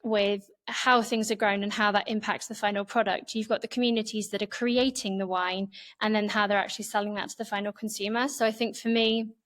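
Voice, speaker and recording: A woman answering interview questions in a measured way, explaining her points in long, flowing lists. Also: mid-range voice, flat delivery, fairly bright tone. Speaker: interview guest.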